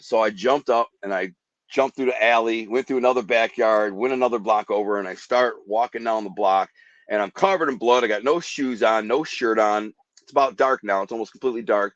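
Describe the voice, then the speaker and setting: A man's voice: lowish voice, fairly quick, no echo. A man telling a dramatic story from his own life in a vivid, rambling way, acting out the voices he quotes. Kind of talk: intense personal storytelling. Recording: dull dry podcast audio.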